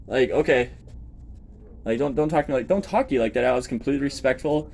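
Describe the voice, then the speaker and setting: A man filming himself at a shelter door, speaking haltingly and repeating words, then venting with growing agitation. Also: mid-range voice, vocal fry, darkish tone, slight background noise. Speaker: person seeking shelter. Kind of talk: filmed confrontation and venting.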